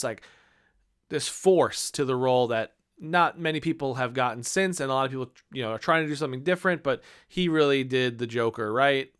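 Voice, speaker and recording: A man in his thirties talks through his favorite movies in a casual, enthusiastic ramble full of fillers. His voice is smooth and clear, sitting at a middle pitch. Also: a bit bright. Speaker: movie reviewer.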